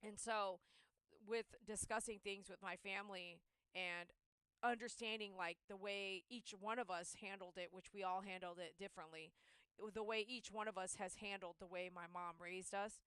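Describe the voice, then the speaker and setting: A woman's voice: medium pitch, steady tone, moderate pace, fairly bright tone, clear, resonant tone, dry recording. A woman who runs a pet-grooming channel, talking in a casual, heartfelt monologue and telling stories by replaying her own inner voice.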